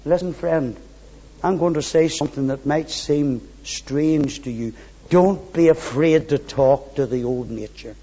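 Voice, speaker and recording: A man preaching a sermon, fervent, with quiet, low pleading asides. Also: measured pace, breathy edge. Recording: dull sound in a large reverberant hall.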